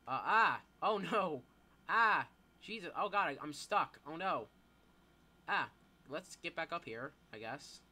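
A teenage boy giving live gameplay commentary, excitable, yelping and swearing as things happen. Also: fairly high pitch, takes it slowly. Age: teens. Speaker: gamer.

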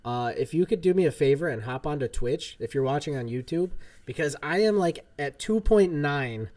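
A man's voice: fairly high pitch, lively intonation, moderate pace, a little mellow. Upbeat young man hosting a game stream. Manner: upbeat, greets chat viewers by name. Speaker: streamer host. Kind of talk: casual gaming stream chat.

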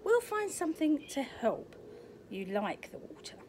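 A woman's voice: sits high, very animated, a little slow, a little mellow, a little hiss or hum, voice pushed up. A woman doing a cheery father otter. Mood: encouraging.

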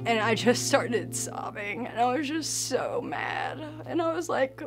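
A woman sharing a personal faith testimony in an earnest, emotional way, with soft laughs between phrases. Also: on the high side, very animated, unhurried, hardly any pauses, music in the background.

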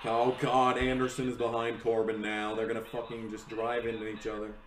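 A young man giving live reaction commentary to a race, excitable and swearing, yelling at the screen. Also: medium pitch, brisk, echoey room, slight background noise, rough recording.

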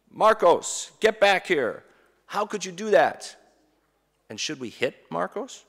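A middle-aged man, a seminary professor, giving a conference talk and telling a family story in a lively way, acting out the shouts of children and parents. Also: mid-range voice. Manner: animated, acts out children's cries and parents' shouts. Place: conference hall. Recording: long hall reverb.

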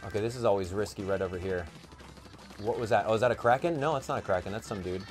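A young man giving casual gameplay commentary, chatty and excitable, thinking aloud with plenty of fillers. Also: on the low side, quick pace, slight background noise. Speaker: gaming YouTuber.

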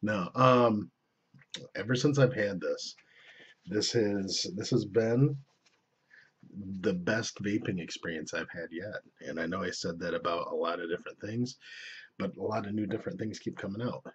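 Young guy doing a rambly cursing vape review, low raspy voice, muffled lo-fi audio. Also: moderate pace. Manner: rambling, profane, self-interrupting. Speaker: vlogger reviewing vape gear. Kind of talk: casual product review. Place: indoors at home. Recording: dull lo-fi camera audio.

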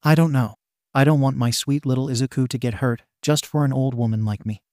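A man's voice: medium pitch, fairly even intonation, brisk, darkish tone, dry recording, clean studio sound, natural voice. A man voicing a short, playful, loving mother in a storybook reading, teasing in tone.

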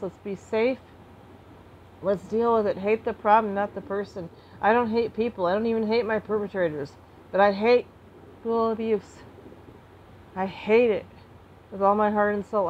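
A woman talking to camera in an emotional personal monologue, impassioned, restarting and repeating herself, flaring into anger and then softening. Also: mid-range voice, muffled recording, slight background noise. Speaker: vlogger.

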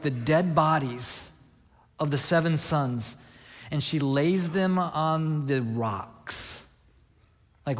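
A man's voice: a little high, fairly bright tone. A male pastor preaching a conversational sermon with a Midwest American accent. He repeats phrases and asks the congregation questions. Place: church sanctuary. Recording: long reverb of a large hall.

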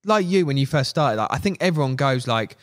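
A man's voice: medium pitch, fairly quick. A young man, a podcast guest, telling stories in casual slang and acting out what people said. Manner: animated, slangy, acts out quotes. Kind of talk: casual storytelling.

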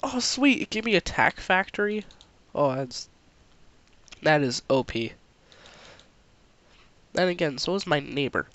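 A man's voice: fairly high pitch, animated, measured pace, pauses often, fairly bright tone, no room sound. Stuffy-nosed young man, dry close mic. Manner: chatty, self-mocking, talks to himself while playing. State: stuffy nose from a cold. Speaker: gaming channel host. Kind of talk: casual gameplay commentary.

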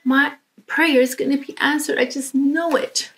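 A woman's voice: high voice, fairly even intonation, moderate pace, a bit bright, voice pushed up. A woman voicing a determined, hopeful male frog who keeps urging his friend on and prays earnestly. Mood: pleading.

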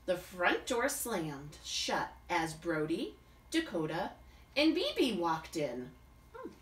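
A woman teacher reading a picture book aloud to a child in an animated way, stopping to ask the child questions. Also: on the low side, slow, reverberant, distant mic, a little hiss or hum. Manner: animated, asks the listener questions.

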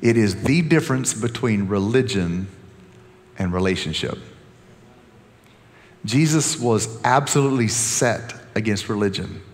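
A man preaching a sermon as pastor, animated and joking with the congregation, often restarting his sentences. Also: on the low side, a little slow, long pauses, long reverb tail.

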